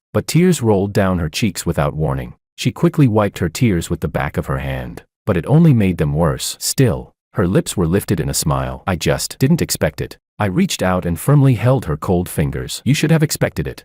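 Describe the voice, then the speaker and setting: A man narrating a romance story in a gentle, expressive way, reading from a script. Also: sits low, no room sound, clean studio sound.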